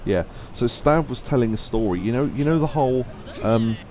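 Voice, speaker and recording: A man's voice: medium pitch, lively intonation, moderate pace, a little mellow. A man streaming a video game, chatting casually and laughing often as he tells stories. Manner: chatty, laughs often, reads game lines aloud in a put-on accent. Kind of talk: casual live-stream chat and storytelling.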